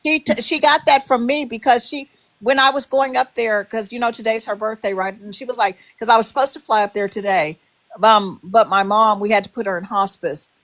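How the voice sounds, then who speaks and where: A woman's voice: fairly high pitch, steady tone, fairly quick, a bit bright. Chatty woman host, 60s, direct and advising. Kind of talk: casual chat.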